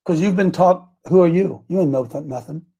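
Husky high-voiced preacher guy, fired up, folksy, shouts the scripture bits. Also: brisk, lo-fi sound. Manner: fervent, rising to shouts on scripture, folksy asides. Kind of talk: sermon.

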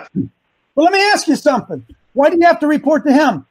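Guy with a really high voice going off on a preachy rant, repeats stuff, gets shouty. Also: very animated, a little fast, poor audio. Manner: emphatic, repeats lines for stress, rising to shouts. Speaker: host leading a men's ministry group.

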